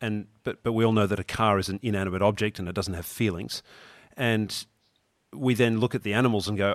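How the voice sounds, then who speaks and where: Male podcast host with a lowish voice who asks careful, probing questions, recorded close and dry. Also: fast, no echo. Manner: thoughtful, probing questions with occasional restarts. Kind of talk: interview questions.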